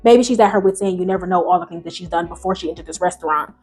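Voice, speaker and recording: A woman hosting a video, reading online stories aloud and reacting in animated, slangy, casual talk, jumping between loud high bursts and low mutters. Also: racing, husky, soft background music. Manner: animated, slangy, talks back to the story. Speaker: YouTube host.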